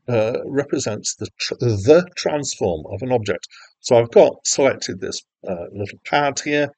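Gravelly man explaining software calmly. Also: mid-range voice, no room sound, low-quality recording. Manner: chatty and self-deprecating, with frequent uhs. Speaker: game development tutor. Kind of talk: screen-recorded software tutorial.

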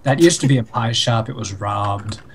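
A man chatting casually with friends, halting and trailing off as he points things out. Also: medium pitch, a loud crowd. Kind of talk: casual group chat. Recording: noisy voice chat.

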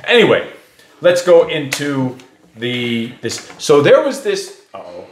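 A man hosting a casual podcast from a small home studio, rambling through a story with jokes and teasing asides. His pitch swings widely as he talks. The room is echoey, with a clear reflection around the voice. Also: big pitch swings, a little hiss or hum. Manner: joking, rambling storyteller, quick to laugh. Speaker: podcast host.

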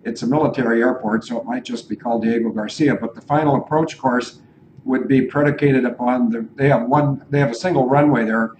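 A man's voice: mid-range voice, steady tone, a little fast. Guy hosting a talk show, rambly, goes off on tangents, bit of faint hiss behind him. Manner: rambling, digressive, thinks aloud. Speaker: show host. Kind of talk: casual radio talk.

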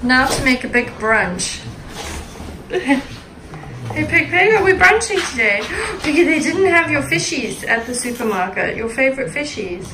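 Doting woman vlogger, sing-song baby talk, slow and lively. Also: sits high, a little hiss or hum. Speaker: vlog host, dog owner. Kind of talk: casual vlog chat. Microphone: handheld camera.

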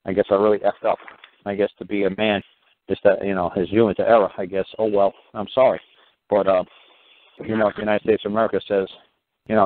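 A man's voice: lowish voice, flat delivery, quick pace. A middle-aged man with a New York accent, giving blunt, profane, emphatic advice on a call-in talk show. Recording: tinny phone line.

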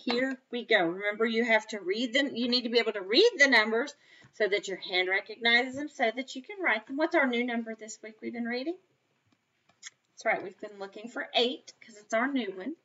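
Slow, sing-song kindergarten teacher woman. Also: on the high side, sharp tone, muffled recording. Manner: slow, sing-song and encouraging, talking to children; playful mock surprise, sometimes dropping to a whisper. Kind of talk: video lesson for young children.

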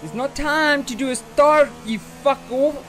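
A man's voice: very high voice, measured pace, a bit bright, slight background noise. A young man commenting on a racing game he is playing, frustrated and swearing at a rival driver. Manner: frustrated, swearing ranting at an opponent. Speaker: gaming channel host.

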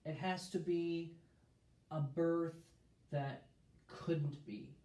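A man's voice: fairly high pitch, fairly even intonation, drawn-out words, mellow. A man leading a casual Bible study, thinking aloud with restarts and reading scripture in a lifted voice. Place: room streamed live. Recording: roomy echo.

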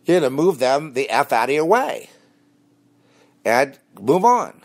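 A man hosting a rambling, combative monologue, dropping low and quiet when he confides. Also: very animated, a little slow. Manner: rambling and combative, mocking laughs. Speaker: host. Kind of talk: spoken monologue on religion and conspiracy.

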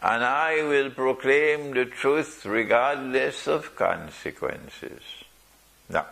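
A man delivers a sermon in a gravelly voice with some vocal fry. He speaks slowly and emphatically, pausing to ask rhetorical questions and slip in dry jokes. His pitch rises and falls widely. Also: big pitch swings, fairly bright tone. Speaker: Islamic preacher. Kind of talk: sermon to a live audience.

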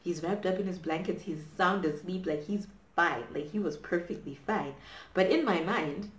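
A woman's voice: lowish voice, moderate pace. A woman in her twenties from Zimbabwe, telling a dramatic storytime while doing her hair, with lots of fillers. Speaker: vlogger. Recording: echoey room.

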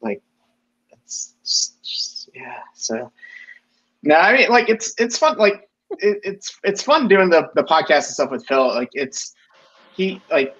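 Man, slightly high voice, rambling casual chat, lots of restarts, dull lo-fi call audio. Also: fairly bright tone. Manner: rambling, many restarts and fillers. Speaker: podcast guest.

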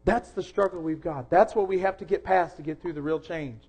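A young man preaching a sermon in a church, earnest, rising to loud emphasis and dropping soft again. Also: high voice, a little fast, husky. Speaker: pastor.

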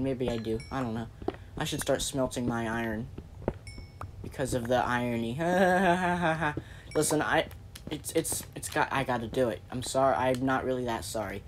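A man's voice: medium pitch, a little hiss or hum. Brief: male gaming host, chatty rambling commentary, pun-happy, restarts his sentences, faint keyboard clicks behind. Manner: rambling, jokey, self-interrupting. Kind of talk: gameplay commentary.

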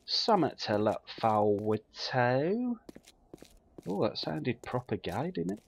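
A man's voice: mid-range voice, big pitch swings, takes it slowly, vocal fry, a little hiss or hum. A man giving casual, muttering commentary while he plays a survival game, swearing freely. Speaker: let's play gamer.

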